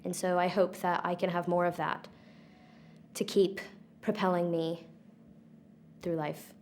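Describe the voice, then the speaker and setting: A woman's voice: fairly low pitch, level tone, unhurried, a little hiss or hum. Earnest young woman introducing herself. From United States (Alabama). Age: 20s. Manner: earnest, reflective. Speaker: acting graduate. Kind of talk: self-introduction to camera.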